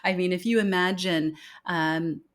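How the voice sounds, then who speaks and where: A woman with a somewhat low voice talks through a relaxed podcast conversation as the guest. She presses her points with emphasis and becomes lively when she quotes other people. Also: measured pace. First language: English.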